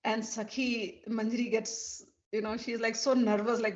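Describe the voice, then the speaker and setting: A woman telling a devotional story in an animated, vivid way. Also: fairly high pitch, moderate pace. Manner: animated, vivid retelling with restarts. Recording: dull lo-fi recording.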